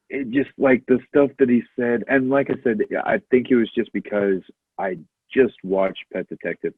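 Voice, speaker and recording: A man talking casually on a movie podcast, easygoing and nostalgic, with plenty of fillers. His voice sits low and husky, and it comes through a narrow, phone-like line that is dry and close. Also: no echo. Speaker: podcast co-host.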